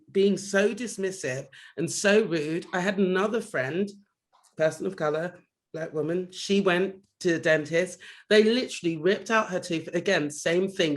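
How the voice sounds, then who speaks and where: A young man from London chats on a podcast in a fairly high voice. He tells his stories with energy and drops the odd swear word when he gets heated. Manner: animated storytelling, swears when recounting anger. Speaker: podcast co-host. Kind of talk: casual chat.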